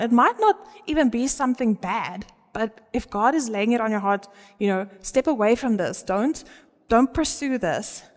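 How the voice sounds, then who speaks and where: A fairly high-voiced woman gives a sermon, earnest and warm in her emphasis, often breaking into a laugh. Her voice rings out with the long reverb of a big church hall. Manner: earnest, laughs often, stresses key words. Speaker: preacher.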